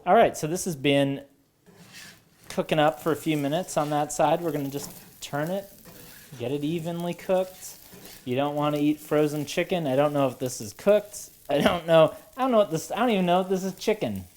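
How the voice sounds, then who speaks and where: Very low-voiced woman, wry and rambling. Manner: wry, self-deprecating, deadpan asides; nervous, halting restarts. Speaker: cooking show host. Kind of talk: rambling casual monologue while cooking. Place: home kitchen. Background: running water and sizzling pan.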